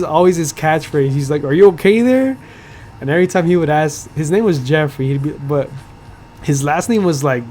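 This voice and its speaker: A young man tells a story on his podcast in loose, profane talk, packed with "like" and bursts of laughter. His voice sits a little high for a man. A faint background noise runs under the recording. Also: darkish tone. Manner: loose and profane, heavy filler "like", laughs while telling. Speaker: podcast host. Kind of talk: casual storytelling.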